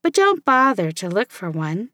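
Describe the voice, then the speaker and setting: A woman's voice: mid-range voice, very animated, moderate pace, fairly bright tone, no echo, clean studio sound. A woman voicing a patient, playful mother in a children's story.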